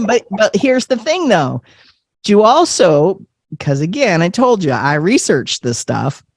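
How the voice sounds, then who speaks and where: A man's voice: high-pitched, very animated, slow pace, no echo, studio quality. A man, a guest on a podcast, telling a personal story in a casual chat. He talks animatedly, acts out voices and laughs often.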